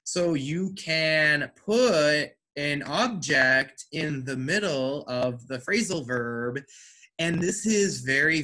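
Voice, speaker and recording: A man's voice: a little high, sharp tone. A man teaching an English lesson online over a video call. He explains things patiently, step by step, and encourages his students.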